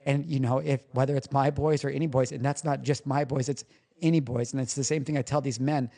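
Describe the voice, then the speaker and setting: A recovery coach appears as a podcast guest, telling personal stories in a candid, emotional way with casual swearing. His mid-range voice is warm and steady, and he talks fairly quickly.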